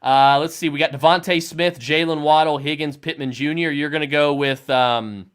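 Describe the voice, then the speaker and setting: A man's voice: on the high side, fairly even intonation, moderate pace, a bit bright, clean tone. A young man hosting a live fantasy football stream, rambling through start-or-sit picks for viewers and often repeating himself.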